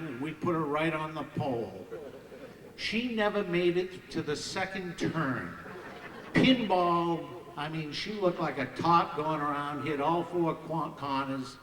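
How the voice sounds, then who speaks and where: An older man holds the stage with racing anecdotes in a rather high voice and throws himself into the other characters' voices. He is heard from a distance, and his voice carries a long reverb off the banquet hall walls, with faint room noise underneath. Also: a little slow. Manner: lively, acts out the voices of others. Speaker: hall of fame ceremony speaker. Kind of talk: anecdotal after-dinner storytelling. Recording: echoey hall from far off.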